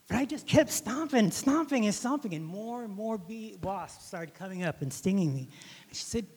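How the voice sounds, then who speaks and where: A man teaching a Bible lesson by telling a story from his childhood, rambling and halting with many restarts. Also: sits high, animated, a little mellow, slightly rough. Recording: long hall reverb.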